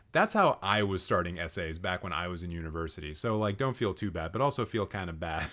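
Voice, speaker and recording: A young man hosting a live stream, reading out viewers' film lists and mocking them with sarcastic asides and frequent laughter. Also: mid-range voice. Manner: sarcastic, mocking, laughs often, swings loud and quiet. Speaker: livestream host roasting viewer film profiles.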